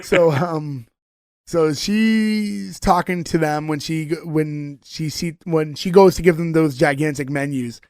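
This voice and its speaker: A man's voice: a little high, unhurried, darkish tone, dry recording, studio quality. A man co-hosting a casual podcast, retelling scenes in a rambling way full of "like"s. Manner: rambling, filler-heavy retelling with many "like"s. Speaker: podcast co-host. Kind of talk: casual chat recapping a TV episode.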